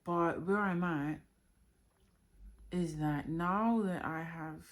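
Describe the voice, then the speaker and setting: With a voice on the low side, a spiritual vlogger opens up in a heartfelt, unscripted monologue about her inner journey, pausing emotionally as she gropes for the right words.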